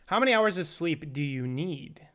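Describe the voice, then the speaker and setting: A young man co-hosting a casual chat show, firing off playful quick questions at his friend and laughing along. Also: on the high side, lively intonation, fairly bright tone. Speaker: podcast co-host.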